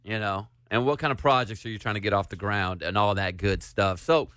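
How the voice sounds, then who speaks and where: A man's voice: lowish voice, fairly even intonation, a little fast, fairly bright tone, clear, resonant tone, no echo, clean studio sound. A man hosting a radio morning show, chatting casually and joking with a caller, with plenty of fillers. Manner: friendly, joking, filler-heavy.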